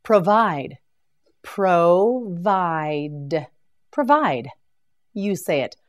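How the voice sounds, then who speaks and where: Woman, vocabulary teacher, careful enunciation, very slow pace, animated pitch. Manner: slow, carefully enunciated repetition with encouraging praise. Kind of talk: scripted vocabulary drill lesson.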